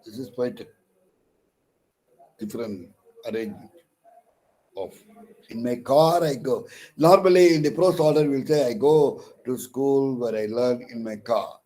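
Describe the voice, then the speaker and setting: Man, Indian English accent, unhurried teacher who spells words aloud and stops to correct himself, mid-pitched voice. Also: animated, a little mellow, rough recording. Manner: slow, deliberate, spells words out letter by letter; frequent pauses with "uh" and self-corrections. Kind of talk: recorded lecture.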